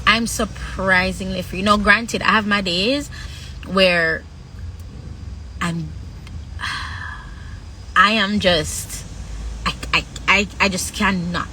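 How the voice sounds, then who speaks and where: A woman talks candidly to her livestream viewers in a bright, sharp voice. She speaks frankly, stopping and restarting, and draws out her words with long pauses. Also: medium pitch, slight background noise, rough recording. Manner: frank, halting, drawn-out pauses. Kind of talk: candid personal talk.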